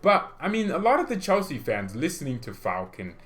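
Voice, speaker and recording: A man hosting a football fan channel, talking in a rambling, excitable vlog style full of rhetorical questions. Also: a little high, brisk. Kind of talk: casual vlog commentary.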